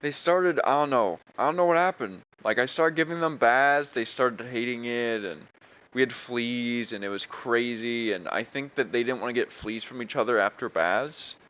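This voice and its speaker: A man's voice: medium pitch, moderate pace, fairly bright tone, rough recording. A young man chatting casually while playing a video game, rambling with many restarts. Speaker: gaming streamer.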